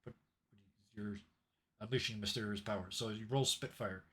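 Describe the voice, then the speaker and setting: A man's voice: lowish voice, steady tone, moderate pace, sharp tone, breathy edge. A young adult man narrating a tabletop game as game master, storytelling with added sound effects.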